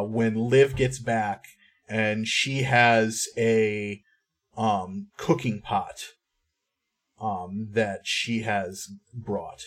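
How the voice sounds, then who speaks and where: A man running a tabletop game as game master, describing scenes with frequent ums. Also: lowish voice. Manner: descriptive, hesitant with many ums.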